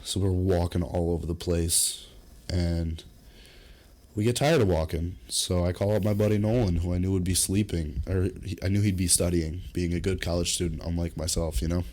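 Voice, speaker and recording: A young man casually telling a long comic story on a podcast, swearing freely and jumping into high, loud voices when he quotes himself. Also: normal speed. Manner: animated storyteller, jumps high into acted quotes. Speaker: podcast co-host.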